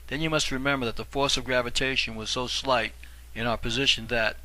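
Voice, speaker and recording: A man voicing an aged, scholarly guide who speaks softly and courteously in an audiobook. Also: medium pitch, steady tone, natural voice, poor audio. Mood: explaining. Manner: soft, measured, polished. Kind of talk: audiobook reading.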